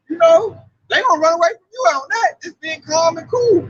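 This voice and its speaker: A man preaching in loose, excitable chat, riffing and exclaiming between scripture readings. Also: extremely high pitch, fairly quick, muffled recording. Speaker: street preacher.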